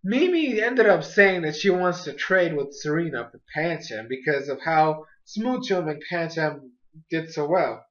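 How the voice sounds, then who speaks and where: A man's voice: a little high, lively intonation, unhurried, a bit bright, muffled recording. A man casually reviewing a cartoon episode, rambling with lots of fillers and amused asides.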